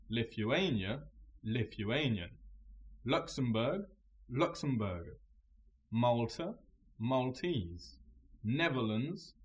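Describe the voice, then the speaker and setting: A man reading English vocabulary lists word by word, pausing after every word in a measured delivery. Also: mid-range voice. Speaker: language teacher.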